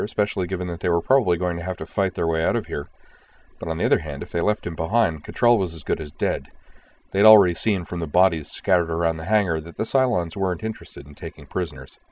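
A man narrating a story in a steady, measured audiobook reading. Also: sits low.

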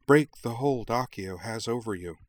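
A man's voice: medium pitch, expressive, moderate pace, voice pushed up, lightly acted. A man voicing a resolute young woman who speaks intently and firmly. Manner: intent, firm.

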